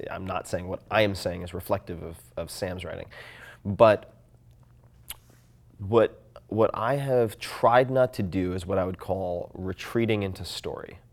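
A man in casual podcast conversation, talking things through in a thoughtful, animated way about his own habits. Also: low voice, moderate pace. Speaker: podcast guest.

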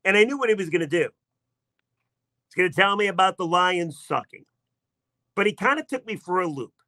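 Bright-voiced sarcastic sports radio man. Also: high voice, animated, fairly quick, no echo. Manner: chatty, sarcastic storytelling. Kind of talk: sports talk radio monologue.

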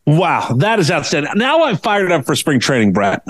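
A man's voice: a little high, wildly swooping pitch, moderate pace. A man interviewing the podcast host in casual chat, eager and curious. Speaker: guest interviewer.

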